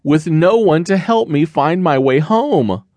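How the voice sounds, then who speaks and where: A lost little bear cub, earnest and plaintive, his voice lifted well above a grown man's, as a male narrator puts him on. He swings through a lively, bouncy range of pitch. The read is dry and close, with no room around it. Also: measured pace, no echo. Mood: distressed. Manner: earnest, plaintive and breathy with effort. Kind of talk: children's audiobook character voice.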